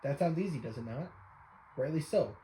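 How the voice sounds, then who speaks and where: A man's voice: medium pitch, lively intonation, normal speed, dark tone, roomy sound, a little hiss or hum, close to an everyday voice, low-quality recording. Man reading a formal old pictograph buff. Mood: earnest. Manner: old-fashioned formal speech, addresses listener as young sir. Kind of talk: reading game dialogue aloud.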